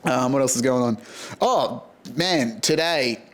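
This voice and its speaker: A man's voice: medium pitch, a little slow. A man with an Australian accent hosting a podcast, rambling through a casual, sweary monologue and laughing at his own jokes. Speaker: podcast host.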